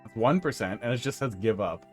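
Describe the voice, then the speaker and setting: While playing a level-building game on stream, a man with a lowish, expressive voice chats a little quickly against faint background music. He jokes, wanders between topics, and hums to himself from time to time.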